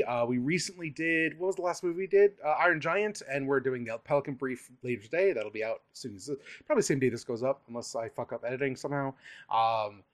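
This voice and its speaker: A man hosting a podcast in a casual, swearing manner, running the outro and plugs. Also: a little high. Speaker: podcast host.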